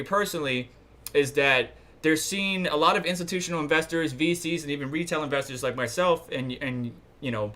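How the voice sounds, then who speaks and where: A man's voice: fairly high pitch, bright, forceful tone. A man from New York hosting a casual livestream, rambling and thinking aloud while he browses charts and checks chat. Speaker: livestream host.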